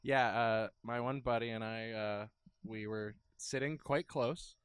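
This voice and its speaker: A man's voice: medium pitch, steady tone, a little slow, smooth, dry recording, studio quality. A man on a casual sports chat telling stories in a sheepish, amused way.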